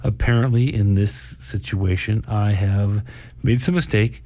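A man's voice: fairly low pitch, fairly even intonation, unhurried, warm tone. A man hosting a live stream, rambling casually with apologies and laughs.

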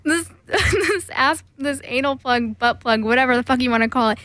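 A woman's voice: high voice, normal speed, fairly bright tone, dry recording. A young woman telling a candid personal story on a podcast, frank and laughing often, with plenty of fillers.

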